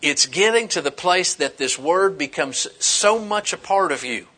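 Bright-voiced preacher man, folksy and animated. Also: a little high, unhurried. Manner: animated, folksy storytelling with humor. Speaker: pastor. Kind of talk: sermon.

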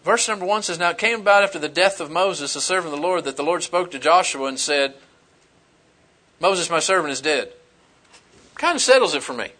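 Bright-voiced preacher man, folksy and animated. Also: on the high side, brisk. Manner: animated, folksy storytelling with humor. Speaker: pastor. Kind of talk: sermon.

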